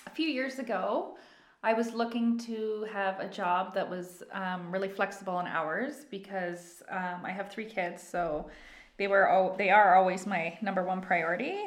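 A woman co-hosting a casual podcast, a small business owner who explains things in an easygoing, measured way. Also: mid-range voice, fairly bright tone. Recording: echoey room.

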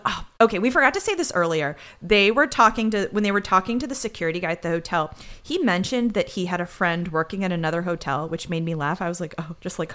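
A podcast co-host with a fairly low voice and a fairly bright tone recaps a TV episode. She keeps it chatty and casual, retelling the plot with sarcastic asides.

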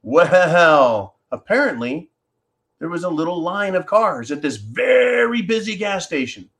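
A man's voice: high voice, big pitch swings, a little slow, a bit bright. Blunt, profane man telling a story. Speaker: podcast host. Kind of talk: casual monologue and storytelling.

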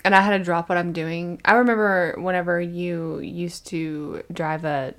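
At a moderate pace, a woman co-hosting a podcast speaks in a lowish, fairly bright voice with fairly even intonation. Her casual chat is full of animated stories and frequent laughter.

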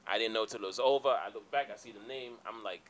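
Male podcast co-host, bright tone, animated storyteller who acts out quotes. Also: on the low side, fast. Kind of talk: casual storytelling chat.

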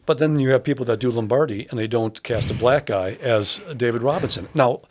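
A man's voice: medium pitch, brisk, a little hiss or hum. A man who directs a theatre, talking thoughtfully in a casual interview, with many fillers and restarts.

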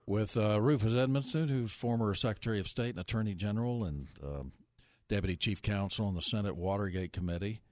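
A man's voice: lowish voice, brisk, hardly any pauses, darkish tone, no echo. Male radio host, folksy, jovial banter, dry close studio mic. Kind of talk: casual radio chat. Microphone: studio microphone.

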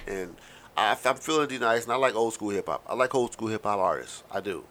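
Fast-talking wry man, bright voice. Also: on the low side, lively intonation. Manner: rambling, wry, with profanity and asides; self-described fast talker. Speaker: podcast host. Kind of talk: casual monologue.

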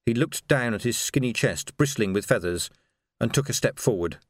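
Measured male audiobook narrator, dry sound. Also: mid-range voice, no room sound. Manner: steady, measured storytelling.

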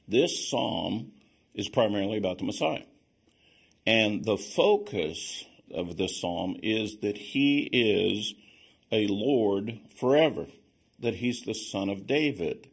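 A man teaching on scripture as a Bible teacher, explaining in a measured way and reading passages aloud. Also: lowish voice, vocal fry, slightly rough.

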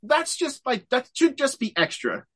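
A man co-hosting a podcast in casual chat over a video call, animated and laughing often. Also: extremely high pitch, normal speed, husky. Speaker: podcast co-host.

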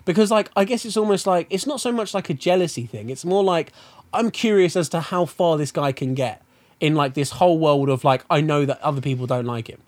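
Brief: young guy, rapid rambling podcast chat, raised voice. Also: a little high. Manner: rambling, swears a lot, lots of fillers and restarts. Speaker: podcast co-host. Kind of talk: casual chat.

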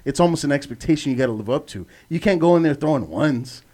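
A man's voice: on the high side, lively intonation, quick pace, a little mellow. A man co-hosting a podcast, chatting casually and swearing a lot, laughing often. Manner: loose, profane, laughs a lot. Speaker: podcast co-host. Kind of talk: casual chat.

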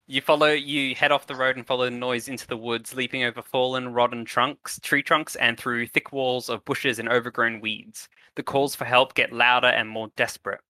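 A man's voice: mid-range voice, little pitch movement, moderate pace, hardly any pauses, pushed and bright, no room sound. A young man narrating as game master for a tabletop game, hesitant and full of ums while improvising.

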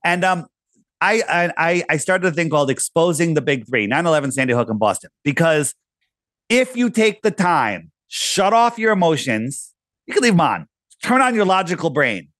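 A man's voice: fairly high pitch, very animated, normal speed, fairly bright tone, no echo, clean studio sound. A middle-aged man talking casually as a podcast guest, telling stories and acting out quoted voices. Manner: storytelling, acts out quoted voices. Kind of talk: casual conversation.

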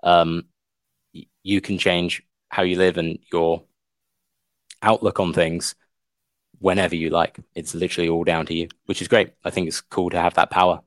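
A man with a very deep voice talking calmly on a podcast, agreeable and relaxed in manner. He mostly backs up his co-host and then shares brief thoughts of his own. The sound is dry and close. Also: normal speed, pauses often, no echo. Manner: relaxed, agreeable listener who reflects briefly. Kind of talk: casual chat about a book.

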